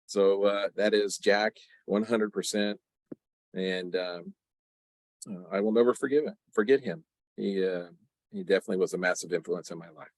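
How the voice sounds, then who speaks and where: A man, a college professor, telling a personal story at a memorial over a video call, halting with many fillers and frequent throat clearing. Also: low-pitched, a little mellow, no echo, rough recording.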